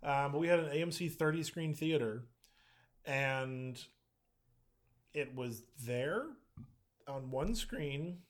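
A young man co-hosting a casual podcast chat, relaxed and full of fillers, with dry humor. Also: a little high, slow, pauses often. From Texas. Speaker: podcast co-host.

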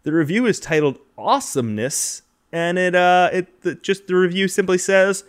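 A man reads listener reviews aloud on a casual podcast. His voice sits a little high, and he stumbles through the text with fillers and restarts. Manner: halting, many fillers and restarts.

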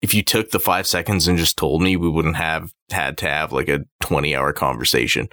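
A young man co-hosting a casual chat, sarcastic and animated, slipping into mocking voices. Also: rumbling low, brisk, no echo, studio quality. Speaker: podcast co-host.

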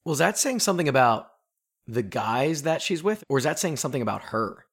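A man's voice: mid-range voice, big pitch swings, fairly quick, fairly bright tone, breathy edge. A man co-hosting a music podcast, chatting casually with dry, joking short replies. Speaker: podcast co-host.

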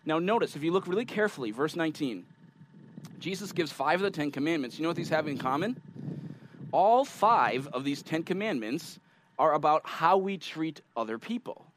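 Male pastor, conversational sermon, fairly high voice with a lively pitch, reads scripture then unpacks it for the congregation. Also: brisk, slight background noise, rough recording. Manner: animated, conversational preaching with asides to the congregation.

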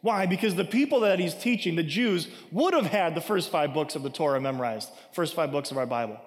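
A man's voice: fairly high pitch, animated, a little fast. A man preaching a sermon in a conversational way, reading scripture aloud and explaining it with casual asides and frequent "right?". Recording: long hall reverb.

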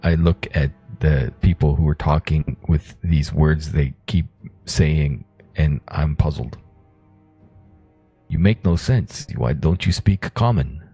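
An earnest, slightly odd adventurer, as a man puts him on, with a very deep, dark voice full of gravel and husk. He stammers and rambles as he pleads his case. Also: takes it slowly, soft background music, heavily acted. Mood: puzzled.

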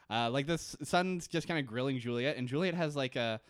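A man's voice: mid-range voice, fairly quick, clear, resonant tone, no room sound, studio quality. Joking man recapping a show. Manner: joking, laughs often. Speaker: podcast co-host. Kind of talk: casual TV recap chat.

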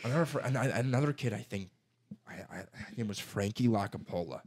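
Young dude swearing a lot telling school stories, doing little voices for people. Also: male voice, lowish voice, fast. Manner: profane, animated storytelling with put-on voices. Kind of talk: casual chat.

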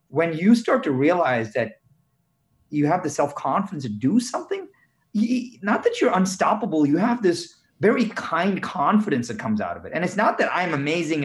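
This is a man from India sitting as an interview guest, with a voice pitched slightly above the usual. He tells his story earnestly and thoughtfully, often stopping and restarting phrases as he finds his words.

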